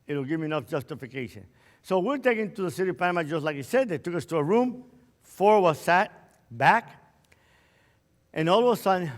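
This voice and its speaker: High-voiced man preaching in a reverberant hall. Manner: storytelling that builds to forceful preaching. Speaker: keynote speaker. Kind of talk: impassioned testimony speech. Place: conference stage in a large hall.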